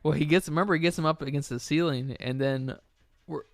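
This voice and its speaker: A man's voice: fairly high pitch, fast, dry recording, studio quality. A man co-hosting a podcast, chatting casually about a film with enthusiasm and loose phrasing full of fillers. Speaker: podcast co-host.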